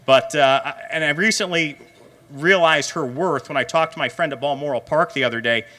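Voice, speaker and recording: A man's voice: fairly high pitch, fairly quick, bright, forceful tone. A middle-aged man emceeing an awards banquet, talking in a rambling way with many fillers. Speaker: director of racing, emcee.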